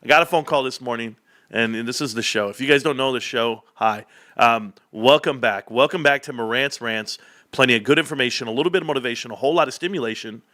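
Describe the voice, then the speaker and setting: A man hosting a livestream, talking in a loud, joking way straight to his viewers. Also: fast, dry recording. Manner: animated, loud, joking, talks straight to chat; acts out other voices in a raised pitch. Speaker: livestream host. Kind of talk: casual livestream rant.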